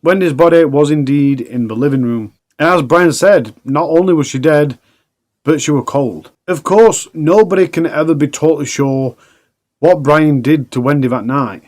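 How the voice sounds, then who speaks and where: A man's voice: on the high side, normal speed, a little mellow. Man narrating true crime. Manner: plain conversational retelling, casual asides. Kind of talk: documentary narration.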